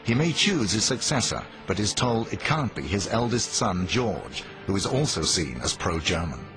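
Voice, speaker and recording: A man giving scripted, measured narration for a history documentary. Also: on the low side, sing-song. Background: music.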